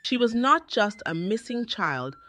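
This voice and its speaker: Slow-paced woman narrating a story. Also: a little high, big pitch swings, bright, forceful tone, slight background noise.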